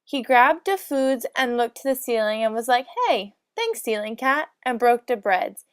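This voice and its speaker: A woman reads a comic storybook in mock-solemn lolcat speak. Her voice sits a bit high. The recording is dry and close, with no room sound. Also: moderate pace, clean tone, no echo. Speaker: narrator.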